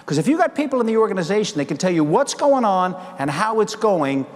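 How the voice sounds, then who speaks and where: Fast-talking and high-voiced, a keynote speaker in his sixties stands on stage in a large conference hall. He spins stories with animated, acted-out dialogue, and the room carries a long reverb.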